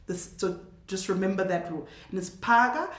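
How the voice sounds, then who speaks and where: Woman teacher, casual lesson, models sounds slowly and patiently; mid-pitched, roomy echo. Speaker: language teacher. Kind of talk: casual spoken language lesson.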